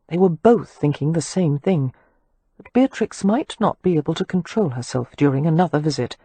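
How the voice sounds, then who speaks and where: Woman, audiobook narration, expressive, lively pitch, dry close recording. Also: normal speed, slightly rough, no echo. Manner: expressive storytelling. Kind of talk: scripted narration.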